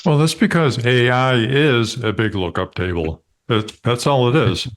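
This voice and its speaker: A man's voice: mid-range voice, a little slow. A man on a podcast, making wry, analytical remarks in a dry manner. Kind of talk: podcast discussion.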